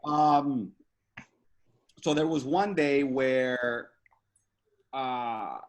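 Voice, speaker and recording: A man's voice: mid-range voice, extremely slow, a little hiss or hum. A man, a guest comedian, eagerly jumping in to tell a story in casual podcast chat.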